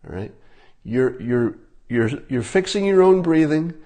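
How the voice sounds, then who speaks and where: An older man talking casually, giving relaxed conversational advice and demonstrating tips as he goes. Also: fairly high pitch, a little slow.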